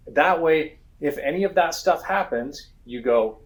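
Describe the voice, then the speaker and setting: A man talking shop as a guest in an interview, full of lively anecdotes. He jumps into quick impressions of worried customers and contractors while he makes his point. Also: mid-range voice, dull audio. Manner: animated storytelling, acts out customer voices. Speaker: guest, roofing software expert. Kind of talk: conversational business interview.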